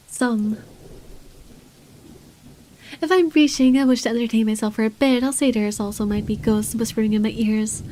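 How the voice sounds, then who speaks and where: A woman's voice: on the high side, dark tone, natural voice. Luke: a woman reading as a sardonic rich man. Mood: uneasy. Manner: dry, sardonic first-person narration. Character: irritable wealthy man with guards and a gun. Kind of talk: reading a visual novel aloud.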